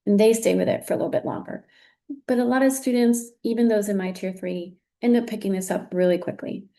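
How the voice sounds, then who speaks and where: Female teacher trainer, mellow and patient, encouraging classroom delivery. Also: medium pitch, fairly quick, creaky. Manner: patient, encouraging, with frequent "very good". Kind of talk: recorded teaching demonstration.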